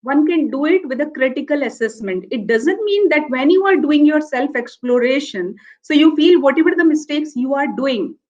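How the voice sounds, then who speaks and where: High voiced lady lecturing, earnest, kinda muffled lo-fi audio. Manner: earnest, explanatory, repeats key phrases. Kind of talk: motivational lecture with a told anecdote. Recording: dull lo-fi online lecture audio.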